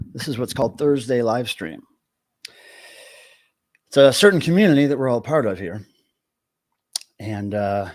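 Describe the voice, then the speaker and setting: A man's voice: medium pitch, darkish tone. A middle-aged man hosting a casual livestream, joking around and greeting chat viewers by name. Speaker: livestream host.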